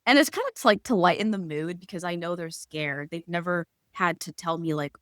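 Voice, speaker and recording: A young woman cardiologist speaks as a guest in a conversational interview. Her voice sits a little low and sounds dry and close. She explains gently and often acts out what her patients say. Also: a little fast, few pauses, no room sound.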